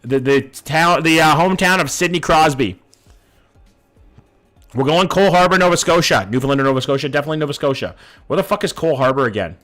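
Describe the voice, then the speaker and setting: Guessing locations on stream, this man in his thirties from Vancouver, Canada, chats with viewers and swears in a relaxed way. His voice sits on the high side, bright and lively, and he talks fast over soft music.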